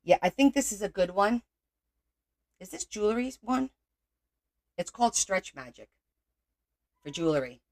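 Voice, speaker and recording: A woman's voice: medium pitch, sing-song, measured pace, pauses often, a little mellow. Chatty woman hosting a craft livestream. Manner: chatty, teasing, greets viewers by name. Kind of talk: casual livestream chat while crafting.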